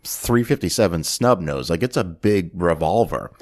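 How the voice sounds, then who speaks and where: Deep voice guy in his 30s recapping a movie, super animated, does all the character voices. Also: normal speed. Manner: animated retelling, acts out lines in voices. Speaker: podcast host. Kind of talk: casual movie recap chat.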